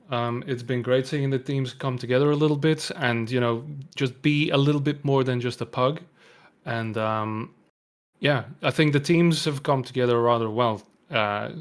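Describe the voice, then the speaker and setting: A man casting a live esports tournament, speaking in a measured, polite and easygoing way. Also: medium pitch. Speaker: esports caster. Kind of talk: live esports commentary chat.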